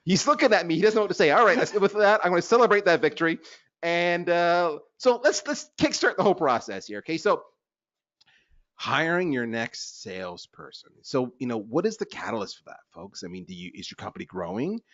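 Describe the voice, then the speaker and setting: A man hosting a business webinar in a lively, chatty, self-deprecating way. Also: a little high, a little fast, no room sound. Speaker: webinar host. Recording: dull lo-fi webinar audio.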